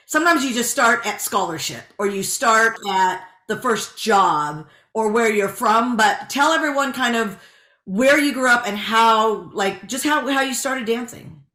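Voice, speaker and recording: A woman co-host asking interview questions in a relaxed, chatty way. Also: on the high side, unhurried. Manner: relaxed, chatty, many fillers. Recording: echoey room.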